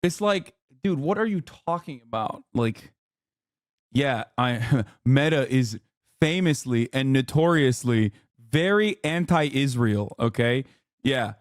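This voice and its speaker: A man giving casual live-stream commentary in an incredulous, profane, animated rant as he reacts to videos. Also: mid-range voice, slow, dry recording, clean studio sound.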